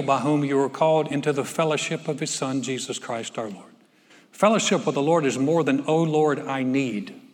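A man's voice: mid-range voice, big-room sound. A male pastor preaching a conversational sermon, often repeating words and asking the congregation questions.

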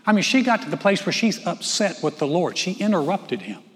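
A man's voice: sits high, sing-song, fairly quick, fairly bright tone, in a large hall. A man preaching a sermon as pastor, conversational and folksy, with joking asides. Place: church sanctuary.

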